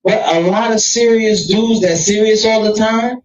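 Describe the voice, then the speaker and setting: A man co-hosting a casual podcast chat, telling stories in an animated, profane way. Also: high-pitched, normal speed. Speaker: podcast co-host. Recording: distant mic, dull lo-fi sound.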